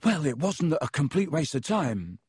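A man's voice: a little high, sing-song, moderate pace, a little mellow, breathy edge, dry recording, clean studio sound, voice pushed up, full character voice. A man doing an eager teenage schoolboy wizard. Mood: urgent.

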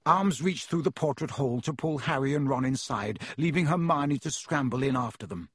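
Man, audiobook narrator, measured, expressive, husky voice, dry close recording. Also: medium pitch, no room sound. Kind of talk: scripted narration.

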